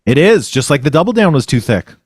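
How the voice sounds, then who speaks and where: A man with a fairly high voice hosts a comedy podcast, talking fast and very animatedly on a close mic with no echo. He's rambling and goofy, now and then letting out shocked yelps.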